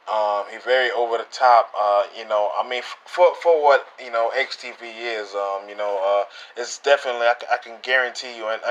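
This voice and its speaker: A man voicing a laid-back male veteran wrestling announcer on a phone call, rambling and halting. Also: on the low side, a bit bright, natural voice.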